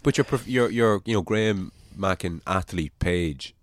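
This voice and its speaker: Deep-voiced Irish podcast host. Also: male voice, moderate pace, dry recording. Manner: probing, chatty, swears casually. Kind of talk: casual podcast conversation.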